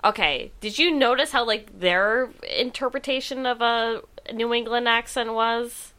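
A woman's voice: on the high side, unhurried, sharp tone. A woman in a casual chat, asking the group questions. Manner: chatty, asks the group questions.

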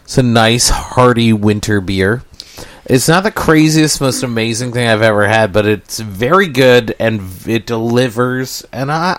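A man hosting a casual beer review, reading the label aloud in a wry way. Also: mid-range voice. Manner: slow, wry, reads labels aloud jokingly.

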